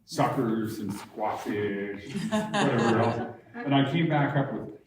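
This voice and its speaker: An older man tells stories to an audience, unhurried and humorous. His voice comes from well off the mic and rings around a very echoey barn hall. A faint noise runs underneath. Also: mid-range voice, animated, far from the mic. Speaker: guest speaker at a public talk. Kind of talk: storytelling talk.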